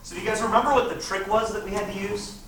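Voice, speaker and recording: Brief: male teacher, slightly high voice, conversational lecture, distant mic in a roomy classroom. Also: steady tone, quick pace, a bit bright. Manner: conversational, checks in with frequent "right?". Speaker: physics teacher. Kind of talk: classroom lecture, reviewing test problems. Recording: echoey classroom, recorded from afar, noisy.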